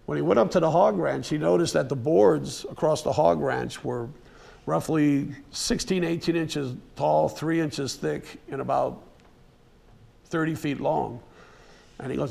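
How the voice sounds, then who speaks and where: A man giving a casual, unscripted museum lecture, telling a story in a folksy way with fillers and restarts and now and then clearing his throat. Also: fairly high pitch, a little slow, a little mellow. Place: museum presentation room.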